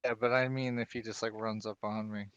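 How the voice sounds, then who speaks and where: A man playing in a tabletop game, chatting casually with quick laughing asides. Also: fairly low pitch, flat delivery, fairly bright tone, clean tone, no room sound. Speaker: player.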